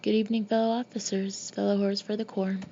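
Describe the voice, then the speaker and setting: A woman's voice: medium pitch, level tone, fast, warm tone, highs cut off, a little hiss or hum, lightly acted. A woman voicing a boy giving a mock-solemn military toast at a family dinner, pompous in a playful way, in an audiobook.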